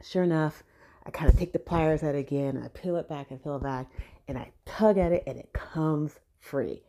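A woman's voice: low voice, moderate pace, dark tone. A woman from Southern California telling a personal story in a casual, chatty way, acting out the dialogue. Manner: chatty, acts out quoted dialogue.

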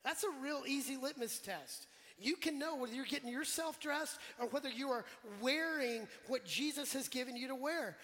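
A male pastor preaching a sermon in a relaxed, conversational way, putting questions to the congregation and joking with them. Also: very high-pitched, moderate pace, hardly any pauses. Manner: conversational, quizzes the congregation, jokes. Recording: long church hall reverb.

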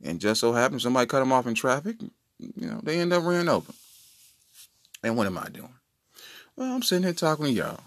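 A man's voice: mid-range voice, big pitch swings, quick pace, long pauses, fairly bright tone, no room sound. Guy rambling on his podcast, jokey and playful, voice bouncing all over, dry close sound. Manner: playful, joking storyteller. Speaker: podcast host. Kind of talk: casual comedic monologue.

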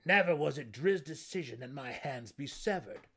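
A man's voice: medium pitch, expressive, a little slow, darkish tone, voice pushed up. A man doing a resonant, stammering gnome warden. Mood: earnest. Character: male gnome burrow warden, resonant and pained.

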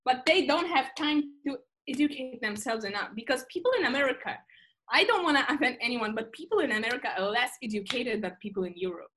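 A young woman from Russia, a guest on a casual podcast, telling lively stories, acting out quotes and laughing often. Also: high-pitched, fast, a little hiss or hum. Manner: animated storyteller, acts out quotes, laughs often.

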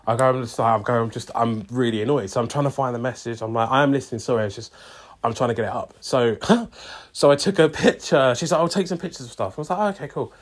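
A man's voice: medium pitch, quick pace. A young man telling a long story casually, acting out both sides of a conversation with lots of "I was like" and "she's like".

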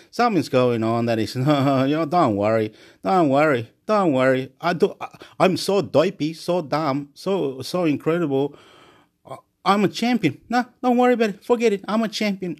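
A man from Chile, rambling in a monologue, swinging between loud excited boasting and quiet muttering and repeating words over and over. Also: on the high side, normal speed.

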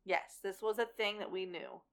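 A woman's voice: mid-range voice, fairly even intonation, moderate pace, fairly bright tone. A woman co-hosting a casual podcast, cutting in with wry, sarcastic asides and casual swearing. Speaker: podcast co-host. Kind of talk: casual chat.

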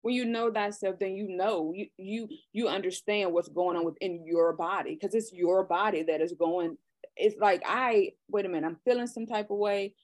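A woman's voice: medium pitch, fairly even intonation, normal speed, a little mellow, no echo. A middle-aged woman hosting a casual talk show, speaking earnestly and often restarting her sentences. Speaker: podcast host. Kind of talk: casual conversation.

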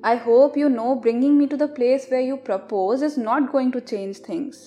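A woman voicing a blunt young woman who talks in a flat, curt monotone in an audiobook story. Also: high-pitched, normal speed, faint music behind, lightly acted. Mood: cold. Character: cold, blunt young woman, former fiancée.

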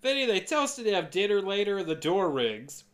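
A man in his thirties with a fairly high speaking voice casually recaps a film for laughs. He chuckles often and drops into quick character voices as he goes. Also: sing-song, fairly bright tone. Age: 30s. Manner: laughs often, jokey retelling with quick put-on quotes. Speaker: podcast co-host. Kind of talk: casual comedic movie recap.

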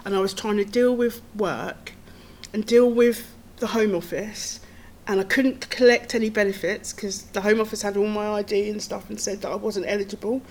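A woman's voice: mid-range voice, fairly even intonation, moderate pace, darkish tone. A middle-aged woman, a podcast guest telling her own story in an earnest, tumbling way, with nervous laughs. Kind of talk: personal storytelling.

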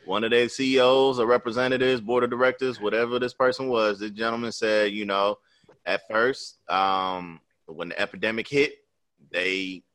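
A man co-hosting a podcast, animated and emphatic, swearing freely in casual chat. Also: on the low side, normal speed. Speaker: podcast co-host.

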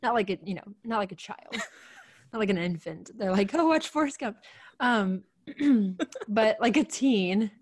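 A woman co-hosting a relaxed podcast, her voice a little stuffy from a cold. She chats easily, laughs often and trails off while hunting for words, in a middle pitch. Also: unhurried, breathy edge. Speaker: podcast co-host. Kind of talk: casual chat.

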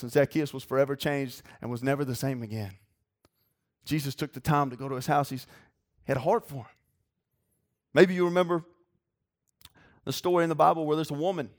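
A man preaching a sermon in a folksy, earnest way. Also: mid-range voice. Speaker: pastor.

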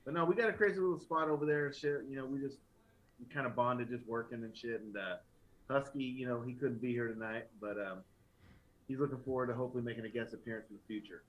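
A man's voice: mid-range voice, quick pace, muffled recording. A man guest on a casual podcast, joking brashly and swearing as he talks about work. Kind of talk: casual crude chat.

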